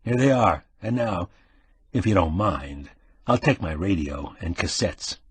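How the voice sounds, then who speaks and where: A man voicing a calm, shrewd older gent. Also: low-pitched, a little slow, slightly rough, no room sound, full character voice. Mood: stern concern. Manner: steady, avuncular, probing. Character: calm, shrewd middle-aged man, avuncular.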